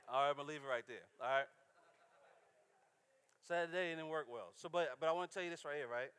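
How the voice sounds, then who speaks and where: A man's voice: a little high, fast, long pauses, fairly bright tone, smooth. A man preaching a casual, story-driven sermon in church, constantly checking in with the congregation. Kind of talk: conversational sermon with stories.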